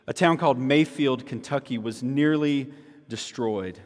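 Male pastor, sermon delivery, emphatic and repetitive, mid-pitched, long reverb from a large room. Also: a little slow. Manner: emphatic preacher, repeating key phrases.

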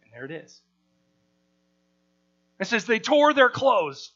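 Bright-voiced man teaching scripture, lo-fi. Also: sits high. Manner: conversational, with frequent restarts, acts out the quoted people. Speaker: Bible teacher. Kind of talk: verse-by-verse Bible teaching.

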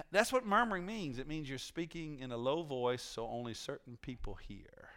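Preacher guy in church, bright punchy voice, chatty sermon, keeps asking the crowd stuff. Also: mid-range voice, normal speed, few pauses. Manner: conversational, teasing, asks the congregation questions. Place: church sanctuary with congregation.

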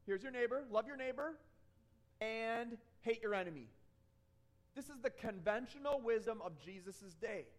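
A man's voice: extremely high pitch, animated, moderate pace. A man preaching a sermon in a conversational way, often checking in with the congregation and telling personal stories to make his points. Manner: conversational, checks in with frequent "okay?". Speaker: pastor.

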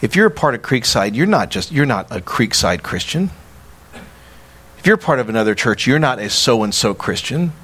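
A man preaching a sermon as a pastor, animated and emphatic, acting out quoted dialogue. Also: medium pitch, moderate pace, husky.

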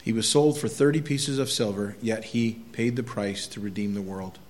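A man's voice: lowish voice, normal speed, darkish tone. A middle-aged man preaching a sermon as pastor, talking casually with the congregation, asking them questions, and reading scripture aloud with growing intensity.

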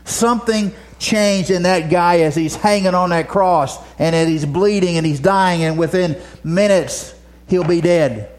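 A preacher man delivers a sermon with a slightly high voice. He tells his stories with drama, rising to loud passages and sinking to a near whisper. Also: a little slow.

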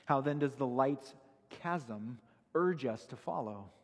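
Husky-voiced preacher in an echoing hall. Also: male voice, mid-range voice, animated, takes it slowly. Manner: earnest, emphatic preaching with Bible verse references. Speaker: pastor. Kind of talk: sermon.

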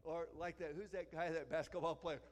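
A male pastor preaching to a church congregation in a voice pitched somewhat high. He is emphatic, rising to loud, repeated cries and sinking into quiet prayer. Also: fairly even intonation, a little fast, rough recording. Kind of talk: sermon.

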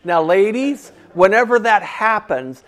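Conversational male pastor, slightly high voice. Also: animated, unhurried, fairly bright tone. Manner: conversational, asks the congregation questions; repeats key phrases for emphasis. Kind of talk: sermon.

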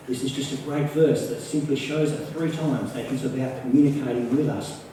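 A man's voice: mid-range voice, steady tone, moderate pace, mellow, slight background noise. A man with an Australian accent preaching a sermon, earnest and repeating key phrases for emphasis. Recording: echoey, from far off the mic.

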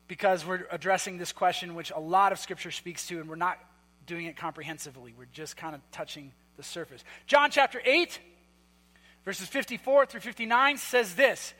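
A man preaching a sermon in a church hall, conversational and emphatic, with quick asides. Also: sits high, fairly bright tone. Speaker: pastor.

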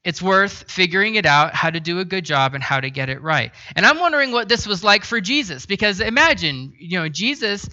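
A male pastor preaching in a loose, chatty storytelling style, poking fun at himself along the way. His voice is very bright and sits fairly high, and the recording sounds a little dull. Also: sing-song, a little fast, hardly any pauses. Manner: conversational storytelling, self-deprecating. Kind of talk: sermon.

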